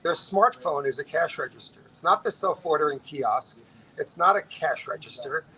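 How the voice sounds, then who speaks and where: A man in his late thirties, a restaurant entrepreneur telling his story in an interview, energetic and quick, often repeating words as he restarts. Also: a little high, slight background noise, poor audio. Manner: fast, energetic, frequent restarts and stammered repeats.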